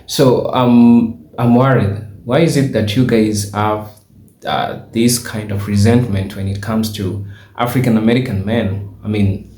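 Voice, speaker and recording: A man's voice: fairly low pitch, steady tone, unhurried, a little mellow, echoey room. A man from Kenya hosting a reaction commentary, questioning and hesitant, with many fillers. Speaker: host.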